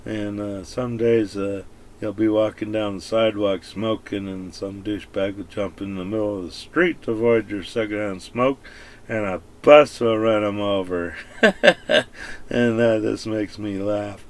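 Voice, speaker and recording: A vlogger with a lowish voice and a steady tone talks at normal speed, ranting casually and crudely to the camera. He swears constantly and rambles from one point to the next.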